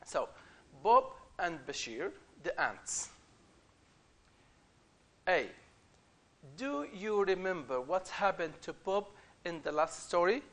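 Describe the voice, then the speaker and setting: High-voiced teacher. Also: male voice, very animated, slow pace, pauses often. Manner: reads the story aloud with emphatic, raised delivery; explains words patiently, repeating phrases. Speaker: English teacher. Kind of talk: classroom lesson explaining a reader story.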